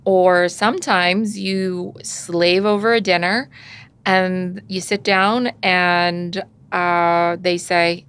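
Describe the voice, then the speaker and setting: A woman's voice: fairly low pitch, steady tone, takes it slowly, fairly bright tone, clear, resonant tone. A middle-aged woman giving casual parenting advice in conversation, sometimes acting out parent and child voices. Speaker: parenting podcast guest expert.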